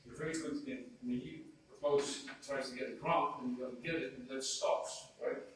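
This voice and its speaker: A man's voice: mid-range voice, steady tone, normal speed. A man speaking as an economist on a conference panel, a Dutch native, hesitant and repeating words as he thinks. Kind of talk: panel discussion answer. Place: conference hall. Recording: echoey hall, speaker far from mic.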